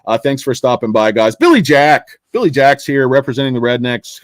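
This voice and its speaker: A man's voice: medium pitch, big pitch swings, quick pace, few pauses, no echo, clean studio sound. Profane, joking man hosting a stock stream. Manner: rambling, joking, crude and profane. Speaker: stock market livestream host. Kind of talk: casual livestream commentary.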